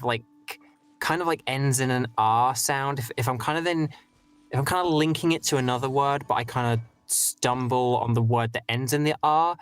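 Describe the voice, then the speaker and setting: A man's voice: medium pitch, a bit bright, smooth, dry recording. A British man hosting a stream, chatting casually and rambling with lots of fillers and restarts on a streaming mic. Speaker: streamer host.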